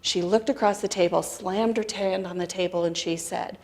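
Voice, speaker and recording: A woman guest speaker at a spiritual center tells a personal story to the congregation, animatedly acting out the quoted dialogue with wry laughter. Her voice is lowish, her speed normal, and she hardly pauses.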